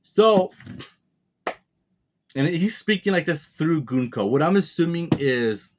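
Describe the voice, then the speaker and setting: A man's voice: on the high side, animated, normal speed, slight background noise. A man casually reviewing a comic chapter, rambling and speculating aloud with many fillers and restarts. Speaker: manga reviewer. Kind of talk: casual commentary.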